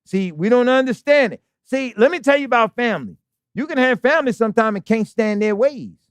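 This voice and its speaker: Emphatic high-voiced male preacher, dry sound. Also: expressive, a little fast, clean tone, no room sound. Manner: emphatic, conversational preaching with rhetorical questions. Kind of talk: fiery sermon. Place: assembly hall in Baltimore.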